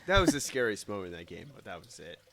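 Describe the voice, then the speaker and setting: A man's voice: fairly low pitch, quick pace, vocal fry, slight background noise. A man hosting a podcast, telling stories in casual chat and swearing freely. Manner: swears freely, animated storytelling. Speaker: podcast host.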